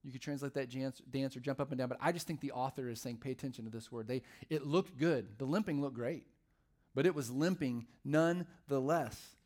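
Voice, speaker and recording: A man's voice: mid-range voice, normal speed, a little mellow. A male pastor preaching a sermon in a conversational, humorous storytelling way.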